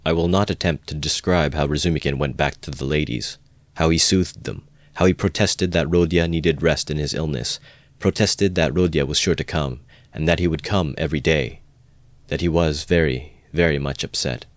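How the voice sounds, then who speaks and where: A man narrating a classic novel as an amateur audiobook reading, calm and measured. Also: a bass voice, no room sound.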